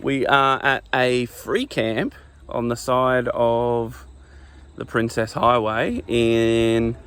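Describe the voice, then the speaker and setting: A man's voice: mid-range voice, level tone, extremely slow, fairly bright tone, clear, resonant tone. A man announcing arrival at a roadside camp in a casual travel vlog. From Australia. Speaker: travel vlogger. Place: outdoors at a roadside campsite.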